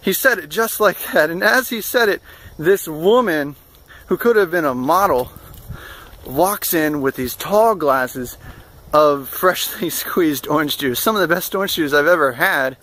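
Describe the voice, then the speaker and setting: A young man recounts a travel mishap in a loose, rambling way, full of fillers and amused asides. His voice sits a bit high and sounds bright and forward. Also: unhurried. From United States. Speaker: vlogger. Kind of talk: casual storytelling.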